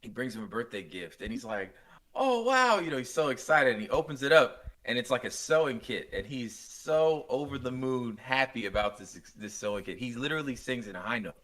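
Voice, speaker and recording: A man's voice: mid-range voice, brisk, few pauses. A young man co-hosting a podcast in casual chat, telling stories animatedly and acting out the scenes he retells. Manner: animated storytelling, acts out scenes with quoted voices. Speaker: podcast co-host.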